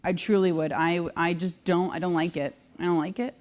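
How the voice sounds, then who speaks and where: A woman in her thirties hosting a live show, telling brash, self-deprecating comic stories at a quick clip. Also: on the low side, steady tone, darkish tone. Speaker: host. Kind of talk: live comedic storytelling.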